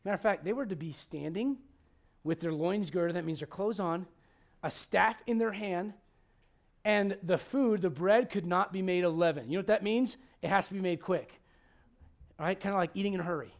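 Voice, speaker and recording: A man with a notably high voice preaches a sermon in a loose, conversational way. He jokes, quizzes his listeners, and swings from forceful, loud emphasis down to quiet, almost muttered asides. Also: normal speed. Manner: humorous, asks the congregation questions. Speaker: pastor.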